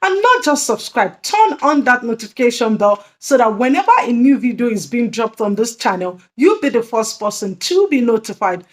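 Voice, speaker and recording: A woman's voice: on the high side, sing-song, moderate pace, hardly any pauses. A woman hosting an early childhood education channel, explaining teaching strategies in an earnest way that often repeats and restates her points. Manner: earnest, repetitive, emphatic restatements. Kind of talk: instructional video talk.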